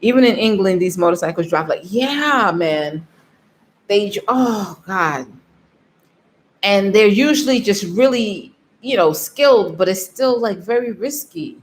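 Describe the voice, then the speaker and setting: A woman's voice: mid-range voice, lively intonation, normal speed, hardly any pauses, darkish tone. A tired woman vlogger telling a story in casual chat, emotional and yawning, with frequent laughs. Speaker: vlogger on a live stream.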